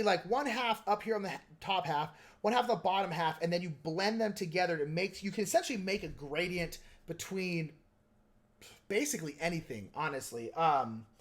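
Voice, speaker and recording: A man hosting a casual livestream, talking in a rambling, joking way with plenty of filler words. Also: fairly high pitch. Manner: joking, self-mocking. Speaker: livestream host painting miniatures.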